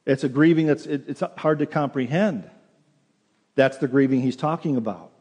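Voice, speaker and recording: Guy preaching in church, mellow dark voice, earnest, long echo off the hall. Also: mid-range voice, normal speed. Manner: earnest preaching, repeats words when restarting. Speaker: pastor. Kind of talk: sermon. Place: church sanctuary.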